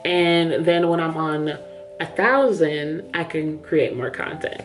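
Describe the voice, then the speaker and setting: A woman's voice: low voice, slow pace, faint music behind. A woman book vlogger chatting candidly to camera in a small room under studio lights, a little out of breath. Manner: chatty, candid, says "yo" and "y'all". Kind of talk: casual chat to camera.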